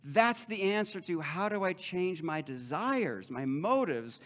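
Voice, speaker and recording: A man's voice: high voice, lively intonation, a little slow, fairly bright tone. A man preaching a sermon as pastor in a conversational way, with joking asides and frequent checks like "okay?".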